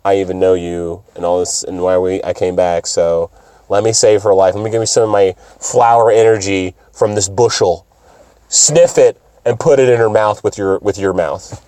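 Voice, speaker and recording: A man putting on the voice of a former villain come back as a child spirit, speaking low and earnest. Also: steady tone, normal speed, dark tone, clear, resonant tone, dry recording, lightly acted. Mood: solemn.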